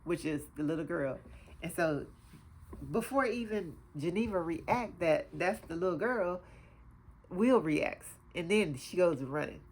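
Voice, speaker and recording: A woman hosting her own show, chatting through an episode recap in a loose, animated way with lots of fillers. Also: fairly low pitch, unhurried. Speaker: TV show reviewer, host.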